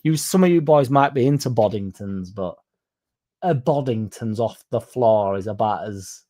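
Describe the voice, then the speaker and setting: Young Yorkshire man, chatty fan host, laddish and crude, warm low tone. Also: lively intonation, normal speed. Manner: sweary, laddish and jokey. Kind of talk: casual chat.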